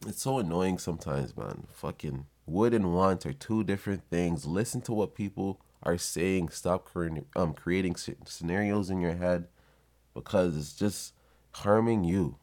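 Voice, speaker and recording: Young man, low voice, blunt and profane, for a casual vlog monologue. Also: a little slow, darkish tone. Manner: blunt and profane, heated storytelling. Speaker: vlogger.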